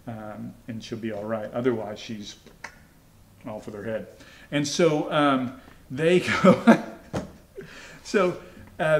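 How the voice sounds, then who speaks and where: A man's voice: medium pitch, reverberant. A man retelling a Bible story for kids in a casual, conversational way, lightly voicing each character in his own voice. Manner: conversational, acts out characters' lines in everyday voice.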